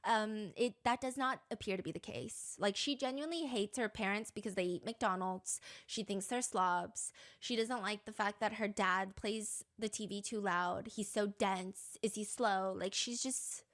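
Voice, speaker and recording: A young woman hosting a casual true-crime commentary, reading text messages aloud with animated indignation. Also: mid-range voice, measured pace, hardly any pauses. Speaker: commentary channel host.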